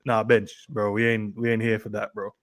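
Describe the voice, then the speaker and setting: A man chatting easily on a podcast, telling anecdotes in a relaxed way. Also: on the low side, a little fast. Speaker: co-host. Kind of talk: casual podcast chat.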